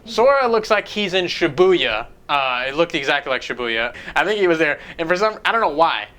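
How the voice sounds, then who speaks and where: A man's voice: on the high side, big pitch swings, fairly quick, pushed and bright. A man casually reviewing a video game, rambling, swearing and jumping between points.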